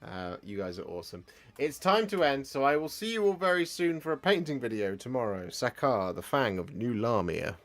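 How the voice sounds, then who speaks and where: A man from the English Midlands with a Midlands accent, hosting a casual live stream in a chatty, rambling way and warmly thanking his viewers. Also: medium pitch, sing-song, brisk.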